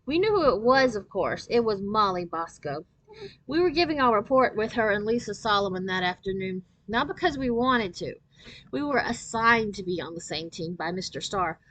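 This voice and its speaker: A woman reading a children's novel aloud in an expressive storytelling voice. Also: medium pitch, poor audio.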